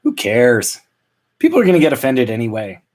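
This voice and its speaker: Deadpan, self-mocking man in his thirties. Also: medium pitch, a little fast. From Canada. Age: 30s. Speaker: podcast host. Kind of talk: solo comedic monologue. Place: at home.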